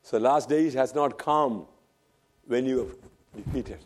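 A man preaching a sermon, swinging from loud fervent cries to hushed near-whispers and repeating phrases for emphasis. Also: medium pitch, takes it slowly.

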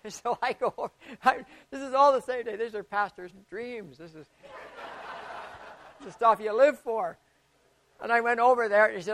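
A man, a pastor preaching a sermon in a folksy storytelling way, acting out the voices he quotes and swinging from hushed to loud. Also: sits high, expressive, normal speed, long pauses.

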